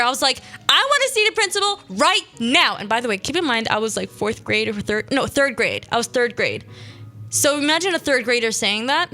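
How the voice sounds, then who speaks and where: A woman's voice: a little high, pushed and bright. A young woman from Syria, hosting a radio show and telling stories from her school days in a chatty way. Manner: chatty, quick asides and quoted voices. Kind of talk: casual storytelling monologue.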